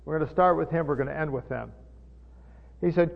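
A man's voice: fairly high pitch, fairly quick, vocal fry. Folksy preacher man in an echoing hall. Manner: folksy, explains Greek words, asks the audience questions. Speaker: pastor teaching. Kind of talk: sermon, Bible teaching. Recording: long hall echo, tinny phone-like sound.

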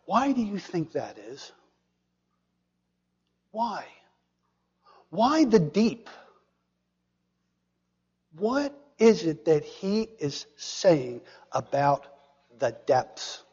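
High-voiced preacher in an echoey hall. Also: male voice, sing-song, very slow, long pauses, slightly rough, dull audio. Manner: dramatic, drops to a hushed whisper for emphasis, asks the audience questions. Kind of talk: sermon.

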